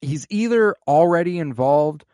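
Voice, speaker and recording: A man co-hosting a casual podcast, recapping a TV episode and acting out lines with animated, profane commentary. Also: a little high, measured pace, no room sound, clean studio sound. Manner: animated, swearing, acts out quoted lines. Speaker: podcast co-host.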